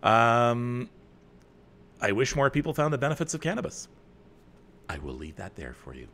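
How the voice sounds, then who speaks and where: A middle-aged man from Canada hosting a live chat, reading viewer comments with loud bursts and quiet asides. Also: medium pitch, wildly swooping pitch, normal speed. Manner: chatty, with many fillers and restarts. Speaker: host.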